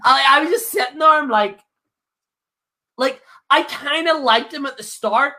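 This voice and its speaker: A young man with a bright, forward voice retells a story at length. He co-hosts a podcast in casual chat, swearing freely and laughing between his rambling lines. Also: extremely high pitch, unhurried. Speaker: podcast co-host. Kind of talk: casual chat, ranting about wrestling.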